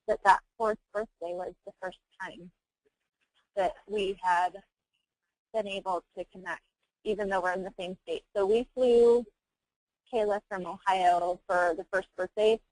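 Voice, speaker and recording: A woman in her thirties, an adoptive mother, telling her family story candidly in a webinar, animated and laughing often as she acts out quotes. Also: medium pitch, dry recording, poor audio. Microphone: webinar call mic.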